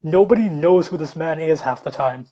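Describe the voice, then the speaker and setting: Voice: mid-range voice, normal speed, lo-fi sound. Profane young university student ranting. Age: young adult. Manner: profane, animated, acts out quoted dialogue. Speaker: podcast co-host. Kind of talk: casual chat, ranting storytelling.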